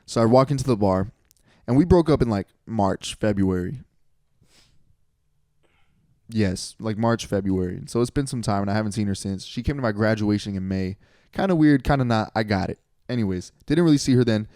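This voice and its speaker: At a normal speed and in a lowish voice, this podcast co-host, a man in his twenties, rambles through a story on a comedy show. He keeps self-correcting and livens up whenever he quotes friends. The audio is clean studio sound without room sound.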